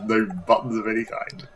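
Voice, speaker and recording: A man's voice: on the low side, a bit bright, a little hiss or hum. A man watching someone play a puzzle game, giving dry, teasing advice and chuckling often. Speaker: co-host watching and advising the player. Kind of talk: casual gameplay chat.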